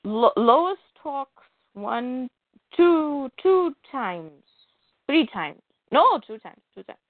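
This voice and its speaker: An exasperated woman rants her way through a comic in a casual chat, drawing out her words at a slow, deliberate pace. She mocks the characters as she goes, and her voice sits a touch high. The sound is dry and thin, like a phone line. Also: very animated, dry recording. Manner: exasperated, counts aloud, mimics characters mockingly. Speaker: podcast co-host. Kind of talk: casual comic book discussion.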